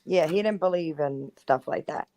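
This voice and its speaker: A woman in her thirties tells a spooky personal story in an easy, chatty way. Her voice sits a little low, and she peppers her speech with "like" while acting out what people said. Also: normal speed, warm tone, rough recording. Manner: chatty, heavy use of "like", acts out quotes. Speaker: guest storyteller. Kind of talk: casual storytelling.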